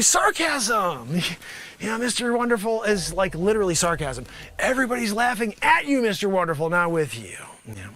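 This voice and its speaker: A man doing an improvised comedy monologue, pitching a product with a sarcastic, rambling manner and talking back to an imagined panel of investors. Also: sing-song, moderate pace, fairly bright tone.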